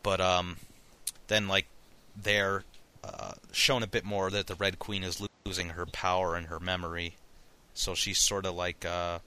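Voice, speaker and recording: A man on a podcast retelling a story in casual chat, rambling and halting with lots of fillers. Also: low-pitched, flat delivery, sharp tone, clean tone. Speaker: podcast co-host recapping a story.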